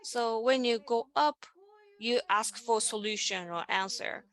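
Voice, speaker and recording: A woman's voice: a little high, a little slow, fairly bright tone. A woman giving an online presentation in a panel dialogue, explaining ideas step by step and guiding listeners through simple exercises over a video call.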